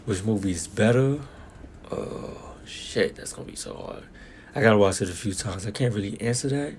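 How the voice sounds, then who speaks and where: A young man with a lowish voice talks through a film review in a loose, rambling way, piling on slang and restarting his sentences. Faint background noise hums under him. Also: vocal fry, a little mellow. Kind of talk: casual spoken review.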